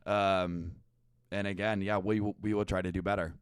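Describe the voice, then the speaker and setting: A man's voice: low-pitched, flat delivery, moderate pace, clean tone, no echo, studio quality. A young adult man hosting a podcast, chatting casually in a sarcastic, profane, gossipy way. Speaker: podcast host. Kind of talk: casual comedic chat.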